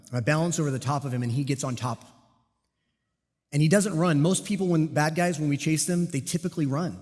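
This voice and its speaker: A man preaching a sermon, telling a personal police story with lively, self-deprecating humor. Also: on the high side. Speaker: pastor and police officer. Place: church sanctuary. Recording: long hall reverb.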